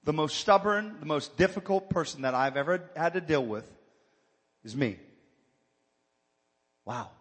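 Husky preacher man in a reverberant hall. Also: on the high side, expressive, measured pace, long pauses. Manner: call-and-response preaching, rising to fervent exhortation. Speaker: pastor. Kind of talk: sermon.

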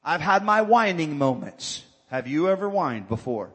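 Husky preacher man in a reverberant hall. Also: on the high side, big pitch swings, moderate pace. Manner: call-and-response preaching, rising to fervent exhortation. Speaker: pastor. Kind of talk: sermon.

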